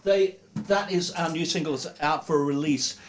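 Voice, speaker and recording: Chatty male livestream host, higher voice. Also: moderate pace, slight background noise. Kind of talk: casual livestream chat. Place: studio.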